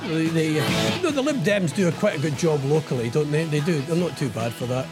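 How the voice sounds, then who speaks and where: Over loud music, this middle-aged man reads out the news on his radio show in a casual, rambling way, sarcastic about politics and fond of tag questions. He speaks briskly and expressively at a fairly high pitch.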